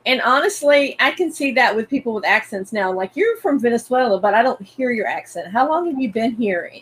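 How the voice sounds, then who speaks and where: A woman's voice: on the high side, expressive, brisk, a bit bright, breathy edge, poor audio. A woman from North Carolina, hosting a podcast interview in a conversational questioning style. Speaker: podcast host.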